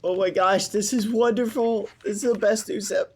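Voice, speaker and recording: A man's voice: sits high, steady tone, normal speed, slightly rough. A young man streaming an in-character roleplay on a game server, gasping and exclaiming with joy on a close mic.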